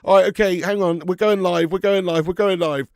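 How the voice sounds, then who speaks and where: A chatty man hosts a live football watch-along, calling the play and swearing freely as he greets the chat. His voice is gravelly and sits a little high. The sound is dry and close. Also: fairly even intonation, fairly quick, darkish tone, no room sound.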